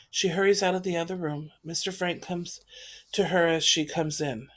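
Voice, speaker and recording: A woman reading the stage directions of a play in an even, measured way. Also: lowish voice. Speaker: reader.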